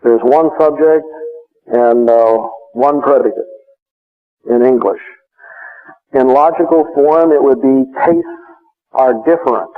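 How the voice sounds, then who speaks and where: Male lecturer, mid pitch, patient and explanatory, thin phone-like audio. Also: clear, resonant tone. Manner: measured, explanatory, frequent uh fillers. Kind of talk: classroom lecture on logic. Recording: tinny phone-like recording.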